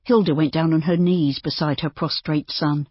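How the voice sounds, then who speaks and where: An audiobook narrator reads in a steady, measured way. The voice has a husky, breathy edge. The recording is dry and close, with a dull, lo-fi tone. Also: medium pitch, dry recording. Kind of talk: scripted narration.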